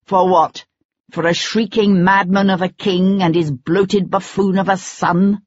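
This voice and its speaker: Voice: mid-range voice, steady tone, a little slow, dry recording, natural voice. A reader voicing a ruthless male conspirator in an audiobook, menacing and persuasive. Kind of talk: audiobook character voice. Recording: dull lo-fi recording.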